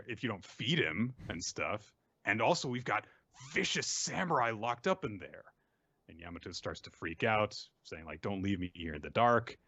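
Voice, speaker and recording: A man's voice: lowish voice, sharp tone, no room sound. A man hosting a podcast who casually recaps comic chapters and mimics the characters' lines as he retells scenes. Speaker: podcast host.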